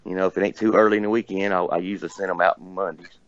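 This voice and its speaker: A man's voice: deep voice, fairly even intonation, racing, a crowd in the background. A man who runs a record store, chatting in a rambling, laid-back way on a podcast. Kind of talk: casual podcast chat. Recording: dull lo-fi dry recording.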